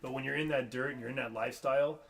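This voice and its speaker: A man's voice: medium pitch, steady tone, racing, creaky, a bit bright. A young man co-hosting a podcast in casual chat, laid-back and slangy, calling his friend "dude" and agreeing often. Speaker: podcast co-host.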